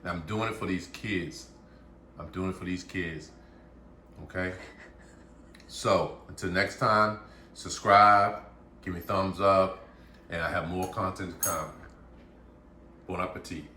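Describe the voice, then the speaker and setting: A man hosting a home cooking vlog, chatty and excitable as he talks through his dish. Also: sits low, a little slow, pauses often. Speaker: cooking channel host. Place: home kitchen. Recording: echoey room with faint noise.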